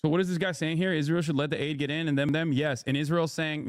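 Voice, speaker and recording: A man's voice: on the high side, steady tone, fast, no room sound. A man streaming live, giving blunt, sarcastic political commentary with casual swearing and frequent replies to his chat.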